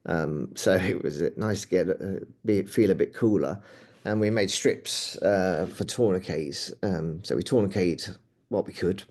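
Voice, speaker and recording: A middle-aged paramedic with a deep voice is a guest in an interview, recounting a personal experience. He speaks haltingly and earnestly, restarting often and frequently going quiet.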